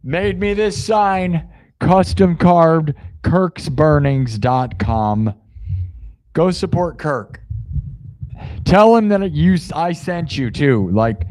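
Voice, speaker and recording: A man's voice: fairly high pitch, animated, takes it slowly, darkish tone. Chatty rambling man on a live stream. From United States. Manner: rambling, self-correcting, chatty. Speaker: live-stream musician host. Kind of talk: casual chat to live-stream viewers.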